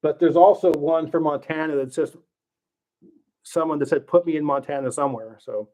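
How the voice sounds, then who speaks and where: Warm in tone and fairly high in pitch, a middle-aged livestream host speaks at normal speed while working through viewer questions. He thinks aloud casually, using fillers and restarting sentences, and the lo-fi audio sounds slightly dull.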